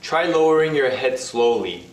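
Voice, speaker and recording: A man giving scripted instructions in a language lesson, demonstrating each sound with slow, drawn-out vowels. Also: medium pitch, animated. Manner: slow, carefully paced delivery with sung and held vowel demonstrations. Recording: roomy, distant-sounding recorded video.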